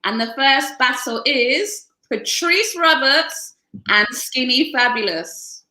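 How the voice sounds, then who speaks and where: A woman's voice: high voice, expressive, slow pace, sharp tone, roomy sound. A woman hosting a casual interview, bubbly and laughing often. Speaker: host.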